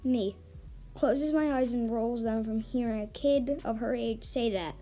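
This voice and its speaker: A woman reads an online forum story aloud in a fairly high, dark, mellow voice. She stumbles now and then and restarts words. Faint music plays under her. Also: normal speed. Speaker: story reader. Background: faint background music.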